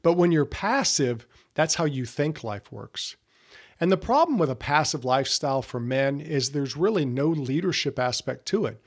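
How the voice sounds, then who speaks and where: A middle-aged man giving a plain-spoken, earnest teaching talk to men. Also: a little high. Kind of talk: scripted teaching monologue.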